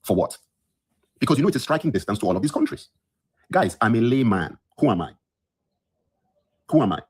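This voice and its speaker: Furious husky-voiced man ranting. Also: medium pitch, big pitch swings, brisk, a little mellow. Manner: indignant, emphatic, repeats lines for effect. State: just woke up. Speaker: podcast host. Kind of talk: heated solo livestream rant. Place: his bedroom. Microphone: phone.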